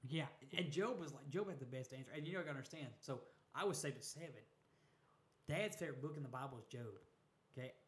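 A man in casual chat explaining Bible stories, animated, with many "you know" asides. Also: mid-range voice, fast talker. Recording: echoey room.

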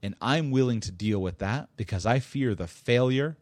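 A man's voice: mid-range voice, lively intonation, normal speed, a little mellow, no room sound. A man hosting his own podcast, talking casually and emphatically, restarting sentences and chuckling as he makes his points. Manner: rambling and emphatic, with frequent restarts and repetition; chuckles while making a point. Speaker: podcast host. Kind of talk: casual solo podcast talk.

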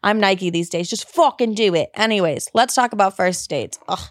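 A woman's voice: mid-range voice, normal speed, no echo. Young woman on a podcast, swears constantly, chatty and blunt, dry close mic. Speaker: podcast host. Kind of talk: casual dating advice monologue.

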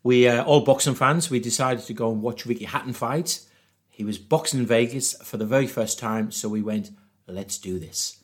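A man's voice: medium pitch, moderate pace. A man from northeast England with a Geordie accent, telling travel stories as a podcast guest and laughing often. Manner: animated, laughs often, acts out quotes. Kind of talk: casual storytelling.

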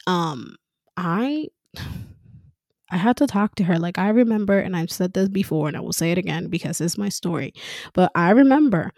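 A woman speaking in a casual monologue as a mother, frank and animated, swearing freely and laughing often. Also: lowish voice, moderate pace, dry recording, clean studio sound. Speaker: mother talking about parenting.

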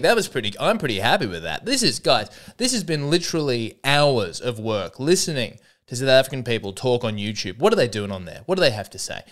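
A man's voice: medium pitch, big pitch swings, fairly quick, few pauses, fairly bright tone. A man hosting a solo comedy podcast, rambling and self-mocking with frequent restarts and asides.

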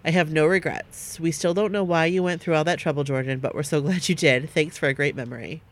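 A woman co-hosting a podcast, reading listener stories aloud at a steady pace and breaking off now and then to chat with her co-host. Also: low-pitched, a little fast.

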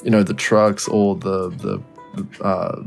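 A man's voice: low voice, little pitch movement, takes it slowly, creaky, soft background music. Rambling young man, casual chat. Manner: rambling, laughs often, swears freely. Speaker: podcast co-host.

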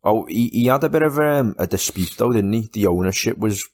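A man's voice: fairly low pitch, expressive, brisk, a little mellow. A man chatting casually about football as a podcast co-host, laid-back and agreeable, often giving short replies.

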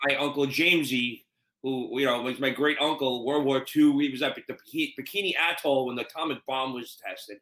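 A man hosting a casual chat over a video call, telling stories in an animated way and swearing freely. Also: medium pitch, fairly quick, roomy sound, poor audio. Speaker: podcast host.

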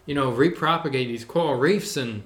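On a podcast with roomy echo, a young adult man speaks casually in a mid-range voice, a little fast. His tone is relaxed and enthusiastic, and "dude" turns up again and again.

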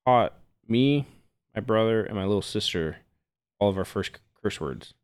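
A man on a casual podcast, telling laid-back anecdotes laced with swearing. His voice sits fairly low, but his pitch rises and falls a lot as he tells a story. He sounds easygoing and conversational. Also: lively intonation, moderate pace, clean tone. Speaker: podcast guest.

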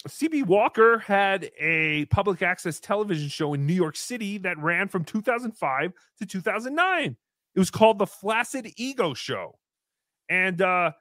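A man in his thirties hosting a livestream, reading donations and joking around in a casual, animated way. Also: high voice, no echo, studio quality. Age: 30s. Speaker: livestream host.

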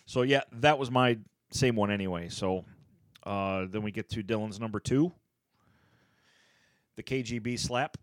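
A man co-hosting a casual podcast chat, retelling favorite comedy scenes and acting out the characters' lines with big pitch jumps and laughs. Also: unhurried, pauses often, no room sound. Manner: animated, acts out quotes with pitch jumps and laughs. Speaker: podcast co-host. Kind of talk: casual chat, ranking favorite sitcom moments.

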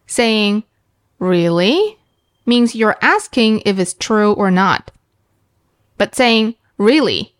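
A woman teaching beginners Mandarin, explaining slowly and clearly and demonstrating each tone aloud. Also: mid-range voice. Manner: slow and clear, demonstrating sounds with sung tones.

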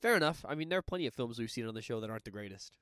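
A man's voice: mid-range voice, lively intonation, very fast, fairly bright tone, smooth, no echo, studio quality. A man co-hosting a podcast in casual chat, joking and teasing his friend. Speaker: podcast co-host.

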